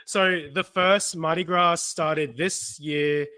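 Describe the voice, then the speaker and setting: Bright, chatty Australian man. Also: a little high, slow, clear, resonant tone, dry recording. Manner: animated, chatty, self-interrupting. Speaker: podcast co-host. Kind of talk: casual chat.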